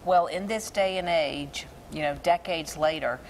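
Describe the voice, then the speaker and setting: A woman's voice: sits low, a little slow, slight background noise. A woman hosting a television talk show, interviewing a guest and leading viewers through a story.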